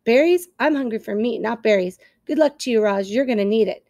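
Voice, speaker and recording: A woman's voice: fairly high pitch, quick pace, darkish tone, no echo, studio quality, natural voice. A woman doing a sly, hungry fox.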